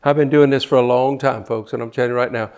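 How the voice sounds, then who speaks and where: A man's voice: mid-range voice, fairly even intonation, fast, darkish tone, clean tone. Fervent older male preacher. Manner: fervent, repeats words as he builds a point. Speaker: pastor. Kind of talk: sermon.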